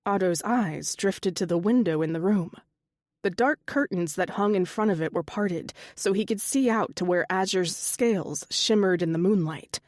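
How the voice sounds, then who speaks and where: A woman narrating an audiobook in an even, steady storytelling voice. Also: on the low side, normal speed, dry recording, clean studio sound. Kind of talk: scripted narration.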